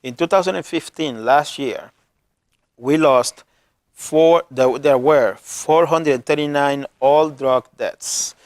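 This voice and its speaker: A man with a non-native accent hosting a community TV program as a health worker, earnest and emotional, halting often to restart his words. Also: on the high side, a little mellow, dry recording. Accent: non-native English accent.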